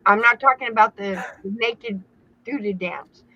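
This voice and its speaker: Bright woman with dull lo-fi sound. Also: mid-range voice, a little slow. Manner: rambling, exasperated explaining. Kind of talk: casual group chat.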